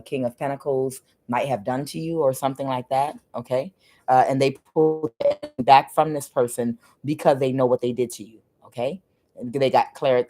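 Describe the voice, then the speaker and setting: A woman's voice: rumbling low, dark tone. A woman doing a casual tarot reading, hesitant and full of filler sounds, often repeating herself. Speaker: tarot reader.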